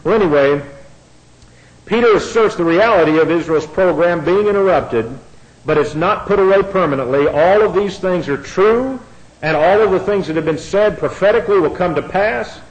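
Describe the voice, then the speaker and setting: A middle-aged man preaching a sermon, folksy and sarcastic, swinging between quiet asides and loud outbursts. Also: a little high, lo-fi sound.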